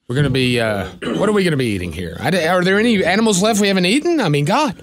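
Male radio cohost, lively swooping delivery, wisecracking, slightly high. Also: rapid-fire. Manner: animated, wisecracking. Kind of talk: joking studio banter.

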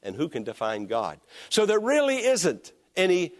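A pastor delivering a sermon, his voice high and ranging widely. He swings between loud emphatic peaks and soft hushed lines. He leads the congregation in call and response. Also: wildly swooping pitch, moderate pace.

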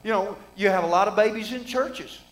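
A man's voice: sits high, brisk, poor audio. A middle-aged man preaching a sermon in a folksy, conversational way, asking the congregation rhetorical questions.

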